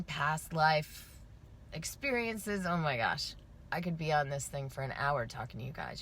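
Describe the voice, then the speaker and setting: A woman's voice: low-pitched, fairly bright tone, a little hiss or hum. A woman hosting an intuitive astrology live stream from inside her car, gushing and emotional, near tears at times, then leading a guided meditation.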